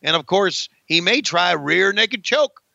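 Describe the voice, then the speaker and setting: A man's voice: sits high, expressive, a little slow, gravelly, sharp tone, no room sound, muffled recording. A man calling play-by-play over an old wrestling match, crude and rambling, joking with his co-host and cursing often.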